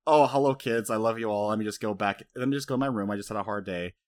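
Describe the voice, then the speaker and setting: A man's voice: on the low side, quick pace, natural voice. A man quoting a worn-out queen. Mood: weary. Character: weary queen, a woman, worn out after a hard day.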